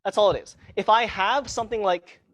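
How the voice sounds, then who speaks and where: A university lecturer with a brisk, high-pitched, slightly bright voice teaches a live class in a lecture hall. He pokes fun at himself, keeps things casual, and keeps asking the students "okay?".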